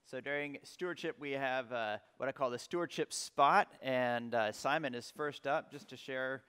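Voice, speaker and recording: A man leading a church service, introducing the next speaker in a relaxed way with filler pauses. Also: mid-range voice, clean tone. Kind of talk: church announcement. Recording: long church reverb.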